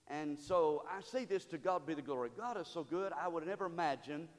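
A pastor preaching a sermon in a church, building from storytelling to loud call-and-response exhortation. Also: male voice, a little high, brisk, long reverb tail. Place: church sanctuary.

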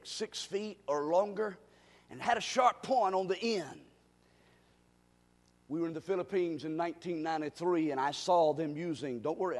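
A male pastor preaching a revival sermon, swinging between quiet asides and shouted exhortation in a church sanctuary. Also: fairly high pitch. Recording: long reverb of a church hall.

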